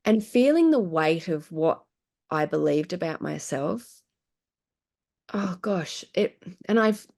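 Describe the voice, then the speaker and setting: A woman in her forties speaks as a guest in a casual chat, earnest and emotional. Her voice sits somewhat low, and her sentences break off and restart as she feels her way through the story. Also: expressive, slow pace, gravelly, darkish tone. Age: 40s.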